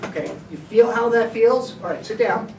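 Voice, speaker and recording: A woman's voice: fairly high pitch, normal speed, darkish tone. Woman teacher, directive and step-by-step, recorded from across an echoey classroom. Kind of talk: classroom behavior lesson. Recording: echoey room, distant mic, background noise.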